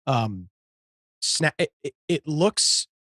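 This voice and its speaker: A husky-voiced man co-hosting a tech talk show, rambling through a software tip with frequent restarts and light joking. The sound is dry and close, with no room around it. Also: on the high side, very animated, takes it slowly, no echo. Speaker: co-host.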